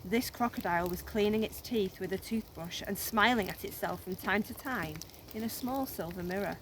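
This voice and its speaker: A woman teacher reading a children's story aloud, gently and expressively, outdoors on a snowy walk into a phone camera. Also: medium pitch, moderate pace, a little hiss or hum.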